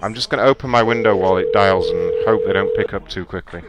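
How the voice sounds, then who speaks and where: A man hosting a prank call show, talking in deadpan, provocative banter. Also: low-pitched, quick pace, lo-fi sound, over loud music. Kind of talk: casual live-show chat and prank calls. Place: home room.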